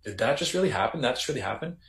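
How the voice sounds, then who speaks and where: A Canadian man, a former correctional officer, recounting his story in a reflective, halting way with many restarts. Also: mid-range voice, lively intonation, fairly bright tone. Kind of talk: casual storytelling interview. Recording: roomy echo.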